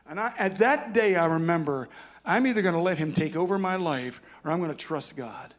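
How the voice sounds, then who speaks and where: Older man, sermon storytelling, rambling, self-deprecating, higher voice. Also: expressive, brisk. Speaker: conference speaker.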